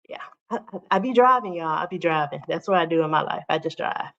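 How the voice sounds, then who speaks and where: Gravelly-voiced woman chatting on a livestream. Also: low voice, expressive, fast talker, fairly bright tone. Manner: chatty, talks straight to viewers as "y'all". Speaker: channel host. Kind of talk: casual livestream chat. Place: home. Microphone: phone or webcam on a livestream. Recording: dull, lo-fi livestream audio.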